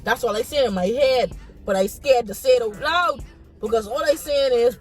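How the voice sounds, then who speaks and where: A woman's voice: sits high, moderate pace, soft background music. A young woman from the Bahamas with a Bahamian accent, frankly telling a casual storytime and acting out her own reactions. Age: young adult. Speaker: vlogger.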